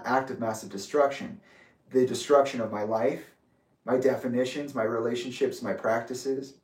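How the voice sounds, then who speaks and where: Man, mid-pitched, reads out his own letter slowly and deliberately; distant mic in a reverberant room. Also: a little mellow. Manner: measured, deliberate and methodical. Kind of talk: reading his own letter aloud with asides. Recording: roomy echo, distant from mic.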